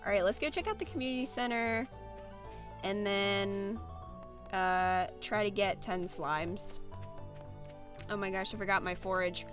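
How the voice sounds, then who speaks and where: A woman's voice: mid-range voice, measured pace, long pauses, over music. A young woman streamer chatting casually while playing, reading viewer comments aloud with a playful, filler-heavy way of talking. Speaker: gaming streamer.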